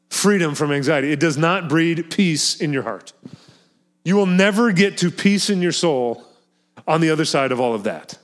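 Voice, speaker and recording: A man preaching a sermon as pastor, talking earnestly and emphatically, often repeating words and phrases for effect. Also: on the high side.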